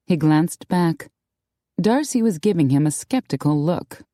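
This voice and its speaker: With a deep voice, a woman narrates a romance audiobook from a script, calm and even in delivery. The recording is dry and of studio quality.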